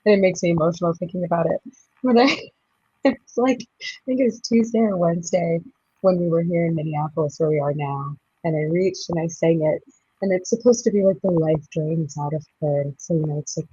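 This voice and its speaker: Brief: low, husky-voiced actress in her 30s, bubbly raconteur, dry lo-fi sound. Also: fairly quick, dry recording. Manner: bubbly, laughs often, lively storytelling. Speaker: touring musical theatre actress, guest. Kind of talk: casual interview chat.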